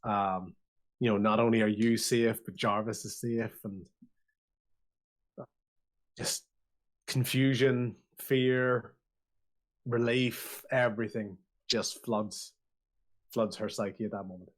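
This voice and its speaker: A man's voice: on the low side, steady tone, slow pace, pauses often. A man, narrating as game master with many restarts and fillers.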